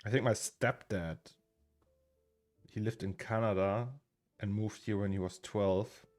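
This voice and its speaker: Here a man from Germany, in his thirties, talks loosely on a live stream, calling out chat names and laughing softly now and then. He speaks at a measured pace in a lowish, somewhat mellow voice with an even tone. The setting is a home studio with faint background music.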